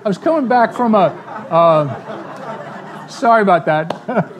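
A man telling stories in a sermon to a live audience, animated, acting out the voices of the people in his stories. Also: high-pitched, takes it slowly, dull audio, some chatter behind. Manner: animated storyteller, acts out quoted voices. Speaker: ministry speaker. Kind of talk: storytelling sermon talk.

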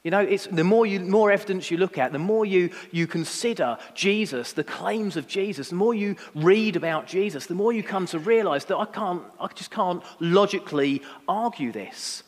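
A young man preaches in a casual, self-deprecating, anecdotal way, full of ums and restarts. His voice sits a little high for a man. It rings out with a long reverb, as in a church hall. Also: moderate pace, few pauses. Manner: conversational, self-deprecating storytelling with many fillers. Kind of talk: sermon.

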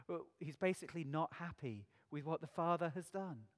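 A man's voice: on the high side, moderate pace, hardly any pauses, long reverb tail. A man preaching a sermon in an earnest way, asking his listeners many rhetorical questions.

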